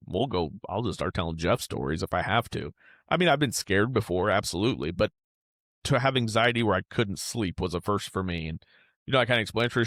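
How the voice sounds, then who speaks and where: A man's voice: fairly low pitch, fairly bright tone, no room sound, clean studio sound. A man in his thirties hosting a podcast alone, talking in a casual, rambling and candid way, swearing freely and drifting off topic. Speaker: podcast host. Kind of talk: casual solo monologue.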